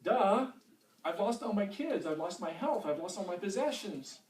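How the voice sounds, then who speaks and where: A man putting on a suffering older man who pleads in a raised, exasperated voice and overstates each complaint. The voice sits high and pushes hard. It is recorded from far off in a roomy space with a faint hiss. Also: lively intonation, normal speed, darkish tone. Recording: echoey room from far off.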